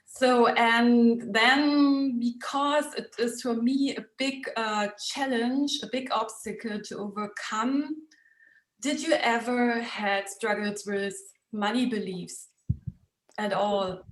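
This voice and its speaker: Higher-voiced woman host, echoey room. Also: fairly even intonation. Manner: measured, hesitant questioning with fillers. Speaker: interview host. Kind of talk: casual interview talk.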